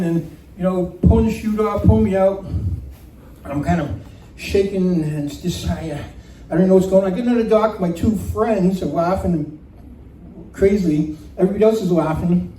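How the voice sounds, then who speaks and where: Brief: man, high soft dark voice, live storyteller, roomy off-mic sound. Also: recorded from a distance, a little hiss or hum. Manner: animated, laughs through the telling. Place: community center room. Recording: roomy hall recording from off-mic.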